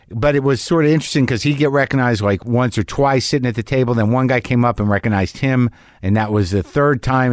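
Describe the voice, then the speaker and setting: A man's voice: mid-range voice, dry recording, studio quality. A man hosting a podcast, talking in a loose, rambling way with lots of fillers and restarts, poking fun at himself. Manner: rambling, self-deprecating, many fillers and restarts. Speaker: podcast host. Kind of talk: casual chat.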